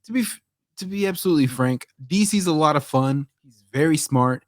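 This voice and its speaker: A man co-hosting a podcast in casual chat, animated and swearing, slipping into mock voices when quoting people. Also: a little high, brisk, no room sound, studio quality. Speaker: podcast co-host.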